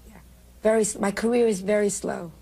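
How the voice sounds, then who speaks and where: A woman's voice: mid-range voice, fairly even intonation, fairly quick, gravelly, warm tone, husky. An older woman with a New York accent, a comedian telling brash, self-mocking stories in an interview. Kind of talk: candid interview storytelling.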